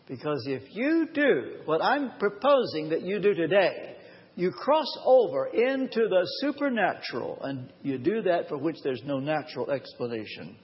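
A man preaching a live sermon in a church, telling a personal story earnestly and slowing down to stress key phrases. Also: fairly high pitch. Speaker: pastor. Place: church or large hall, live. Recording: long hall reverb, dull lo-fi sound.

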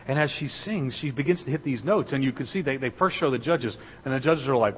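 A man giving a sermon as a guest speaker in a church, telling a story and building to loud, excited preaching. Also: mid-range voice, quick pace, husky. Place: church sanctuary. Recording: dull recording in a reverberant hall.

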